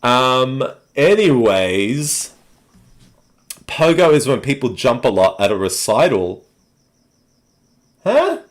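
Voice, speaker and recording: An Australian man hosting a casual live chat stream and talking to viewers in a relaxed, rambling way with many fillers. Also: medium pitch.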